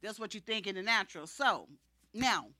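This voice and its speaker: A woman giving an animated faith testimony to a congregation, often laughing and acting out the people in her story. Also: medium pitch, moderate pace.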